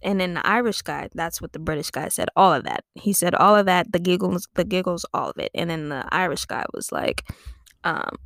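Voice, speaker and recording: A woman's voice: lowish voice, very animated, a little fast, gravelly, a bit bright, no room sound, studio quality. A woman comedian podcasting, making up a silly story in a rambling, giggly, self-amused way. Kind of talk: improvised comic storytelling.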